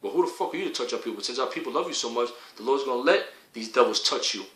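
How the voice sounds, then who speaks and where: A man delivering a heated, profane preaching rant, repeating himself and rising to shouts. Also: medium pitch, lively intonation, very fast, reverberant, poor audio.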